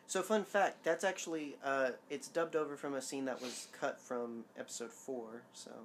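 A man's voice: mid-range voice, normal speed, fairly bright tone, a little hiss or hum. A man chatting casually while watching a film, tossing out trivia, jokes and exclamations. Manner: joking, exclamatory, trivia-sharing. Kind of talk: casual watch-along commentary.

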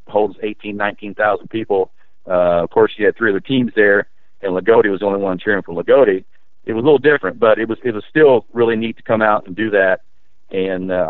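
A middle-aged man, a former high school basketball player, telling his memories in a rambling, animated way with many fillers. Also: no room sound, narrow, tinny audio. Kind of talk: casual interview storytelling.

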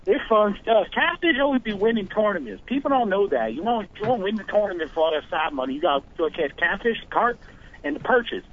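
A man's voice: high voice, big pitch swings, fairly quick. A man from Alabama with a Southern accent, calling in to a talk show and rambling through jokes. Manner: rambling, joking, drawling. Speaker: caller. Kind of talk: joking phone call. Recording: dull phone line with faint noise.

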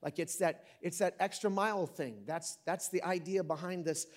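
High-voiced joking male preacher. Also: steady tone, moderate pace. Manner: conversational and joking, with big dynamic swings. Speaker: pastor. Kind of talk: sermon.

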